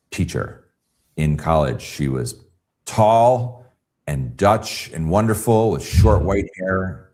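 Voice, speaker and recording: A man with a very low, deep voice, a guest artist on a podcast. He tells his story in a casual, animated way, slipping into other people's voices as he quotes them.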